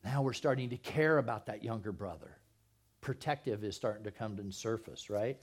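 A man's voice: on the low side, normal speed, slightly rough. A man preaching a sermon in a conversational way, with joking asides to the congregation. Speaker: pastor.

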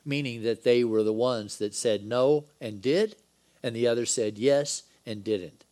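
A preacher gives a Bible-study sermon at a measured pace, his voice at an ordinary middle pitch. He explains scripture conversationally, breaks it up with joking asides, and reads the dialogue aloud with lively emphasis.

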